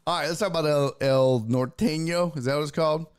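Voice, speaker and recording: Here a young guy runs a casual sports podcast, cracking jokes and cursing freely in an animated, foul-mouthed way. His voice is slightly high with a clean tone.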